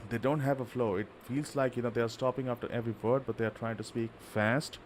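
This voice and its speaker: An Indian man talks casually to his live-stream viewers, rambling from thought to thought with plenty of fillers and restarts. His voice sits at a medium pitch. A faint hiss of noise runs underneath. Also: steady tone, quick pace. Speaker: livestreaming gamer.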